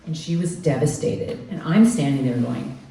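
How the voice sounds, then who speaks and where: Woman, twenties, live storyteller, very low voice, roomy echo, distant mic. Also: moderate pace, vocal fry. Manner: animated, acts out the people she quotes. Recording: echoey room, mic from far off, faint noise.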